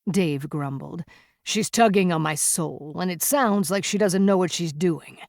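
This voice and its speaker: A woman reading a first-person romantic fantasy story aloud in a measured, low-key way, softening her voice for the dialogue. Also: expressive, dry recording, clean studio sound. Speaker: narrator. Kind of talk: first-person audiobook narration.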